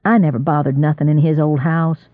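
A man's voice: on the high side, level tone, a little fast, no echo, phone-quality sound, lightly acted. A man reading an audiobook and voicing a meek, weary young drifter.

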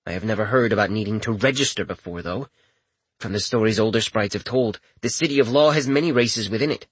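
A man voicing an earnest young male sprite who speaks in a measured way. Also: lowish voice, slightly rough, no echo.

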